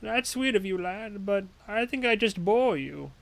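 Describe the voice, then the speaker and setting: A man voicing a shy, gentle old man, speaking slowly, softly and hesitantly. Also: high-pitched, lively intonation, creaky, voice pushed up, full character voice. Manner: slow, soft and hesitant.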